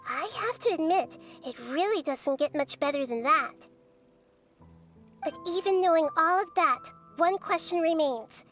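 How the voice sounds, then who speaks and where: An actress voicing a small, wise girl goddess in a game, calm and measured in her reasoning. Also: very high voice, faint music behind, heavily acted. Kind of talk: game character dialogue.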